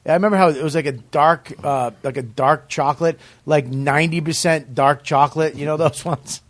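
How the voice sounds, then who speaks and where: A man spins loose, profanity-laced road stories as a comedian guest on a podcast. His voice sits a touch high for a man. The sound is dry and close, with no room around it. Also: fairly quick, dry recording. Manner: profane, animated storyteller. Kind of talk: casual podcast chat.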